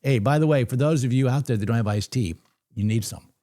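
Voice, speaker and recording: A man hosting a live trading stream, talking in an animated, ranting and excitable way. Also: medium pitch, brisk.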